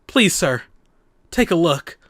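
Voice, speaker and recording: A man voicing a teary, earnest male deputy who pleads in a hushed, insistent voice. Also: fairly high pitch, big pitch swings, slow pace, dry recording, studio quality, heavily acted. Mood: urgent pleading.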